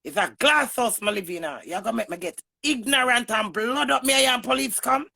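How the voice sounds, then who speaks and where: A woman with a Jamaican accent giving a heated, emphatic livestream rant to her viewers, swinging from loud bursts to low mutters. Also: expressive, fairly quick, gravelly. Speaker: online personality.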